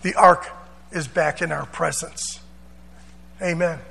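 A man's voice: fairly high pitch, steady tone, slow pace, creaky, bright, forceful tone, slightly rough, long reverb tail. A man pastor preaching a sermon, dramatic, acting out voices and drawing amens. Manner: preaching with call-and-response amens; dramatic, acts out voices of Bible figures.

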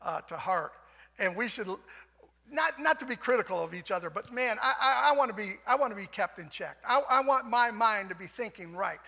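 An older man preaching a sermon in a folksy way, repeating "amen" and swinging from soft passages to shouts. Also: high-pitched, lively intonation, a little fast, vocal fry. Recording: long hall reverb.

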